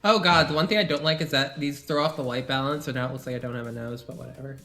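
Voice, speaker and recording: A woman casually chatting on a live stream, giggling often and teasing, sometimes slipping into a low sultry villain tone. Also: steady tone, very fast, fairly bright tone, soft background music. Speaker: streamer co-host.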